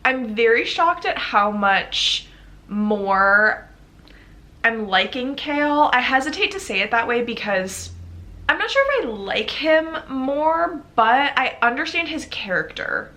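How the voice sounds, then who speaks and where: Bright, chatty young woman vlogger. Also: on the high side, lively intonation, slow pace. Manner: bubbly, gushing, chatty with frequent "like". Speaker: book vlogger. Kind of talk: casual reading vlog chat.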